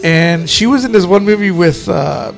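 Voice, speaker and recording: A man co-hosting a casual podcast, reacting to a TV show, swearing freely and slipping into quick silly impressions. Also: sits high, expressive, creaky, over music. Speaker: podcast co-host. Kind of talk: casual chat watching a TV show.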